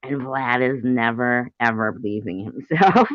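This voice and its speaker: A woman's voice: very deep voice, animated, a little slow, no echo. A woman hosting a livestream in casual chat, rambling and laughing often. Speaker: livestream host. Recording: muffled dry livestream audio.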